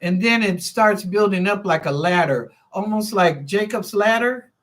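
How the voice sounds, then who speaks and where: Speaking at medium pitch and a little slowly, a woman runs a live stream where she gives psychic readings. Her replies to chat questions are chatty and informal, full of thinking aloud and repeated phrases.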